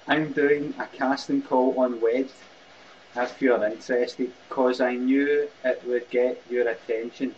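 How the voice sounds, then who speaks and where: A man's voice: medium pitch, fairly even intonation, unhurried, a little mellow, a little hiss or hum. A Scottish man hosting a live webcam comedy show, mocking and sarcastic, swearing often. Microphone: webcam mic. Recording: dull lo-fi webcam audio.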